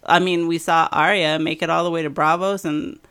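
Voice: mid-range voice, level tone, fairly quick, fairly bright tone, smooth. A podcast co-host in casual conversation, giving wry reactions to a TV episode and acting them out in quotes. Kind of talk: casual TV recap chat.

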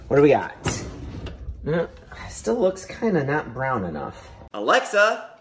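Lively man baking in a home kitchen. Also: mid-range voice, slow, slight background noise. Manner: reads recipe steps aloud, hesitant and joking. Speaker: host baking with his child. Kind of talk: casual home cooking chat.

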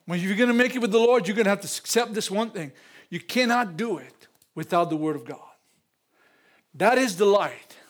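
An older man preaching in a church, emotional, repeating phrases and rising to loud peaks. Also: high-pitched, expressive, moderate pace. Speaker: pastor. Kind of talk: sermon.

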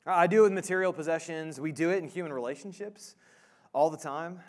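A pastor in his thirties preaches a sermon in a casual, halting way, with many fillers and restarts. His voice is fairly high in pitch.

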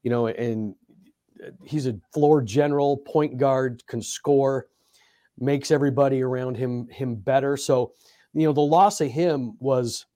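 A man's voice: medium pitch, steady tone, a little slow, mellow, no room sound, clean studio sound. A middle-aged man, a basketball coach, co-hosting a casual sports podcast with a laid-back, laughing manner.

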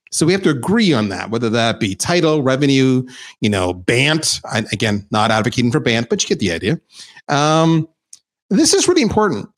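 A man presenting slides in an informal, emphatic business talk, speaking as a chief revenue officer. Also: on the high side.

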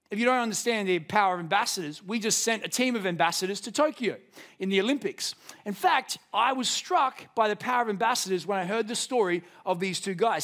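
Australian pastor with a high voice. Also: male voice. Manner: passionate preaching, swinging from loud emphasis to hushed intensity. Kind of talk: sermon.

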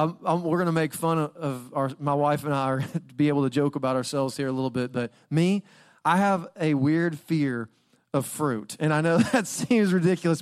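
A man's voice: a little high, smooth. A young man preaching as a guest speaker, telling funny personal stories in a conversational way and laughing often before turning to his sermon. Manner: conversational, jokey storytelling with frequent laughs.

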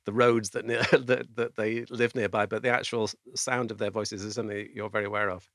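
A man's voice: fairly low pitch, little pitch movement, brisk, fairly bright tone, no room sound, studio quality. A British man hosting a casual chat, talking with frequent restarts and laughs. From Britain. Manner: chatty, repeats words while thinking, laughs often. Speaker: podcast host.

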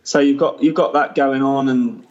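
A man's voice: mid-range voice, moderate pace. Laid-back man, dull audio. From England. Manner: relaxed, rambling, self-deprecating. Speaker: podcast guest. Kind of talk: casual storytelling chat. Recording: dull lo-fi sound.

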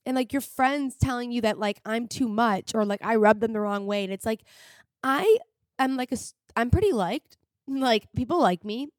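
A woman's voice: fairly high pitch, moderate pace, no room sound, clean studio sound. A young woman hosting a podcast, telling a personal story in a rambling, filler-heavy way, emotional and at times tearful. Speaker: podcast host. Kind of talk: casual confessional monologue.

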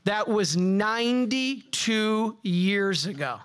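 A man preaching as a Catholic priest, delivering a rousing sermon with emphatic rises on key words and quick asides to the congregation. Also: sits high, lively intonation, a bit bright, clear, resonant tone.

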